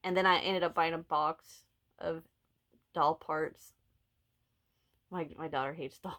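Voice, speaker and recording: A woman's voice: low-pitched, steady tone, measured pace, fairly bright tone. A middle-aged woman with a Southern Illinois accent chatting casually about her crochet projects, telling stories and laughing often. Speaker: vlog host, crocheter. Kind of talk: casual chat.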